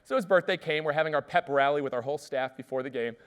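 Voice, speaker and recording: A man delivering a lively keynote, racing through stories at a brisk clip. His voice sits a little high for a man, and he keeps turning to the audience with questions. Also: clean tone. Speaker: keynote speaker. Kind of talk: energetic storytelling keynote speech.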